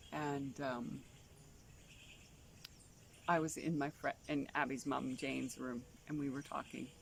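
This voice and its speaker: A woman, a homeschooling mother, telling stories in a rambling casual way with lots of asides. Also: slight background noise. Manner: chatty, rambling, full of "you know" asides; acts out quoted voices with big pitch jumps. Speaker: homeschooling mother and travel vlogger. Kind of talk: casual storytelling monologue.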